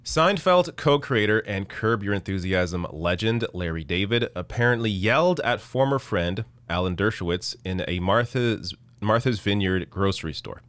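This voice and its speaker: Male streamer, news commentary, lowish pitch, sarcastic and indignant, slightly hoarse, dry close sound. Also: lively intonation, moderate pace, few pauses, fairly bright tone, no echo. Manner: indignant, sarcastic, reads quotes aloud then reacts. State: losing his voice. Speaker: political commentary host.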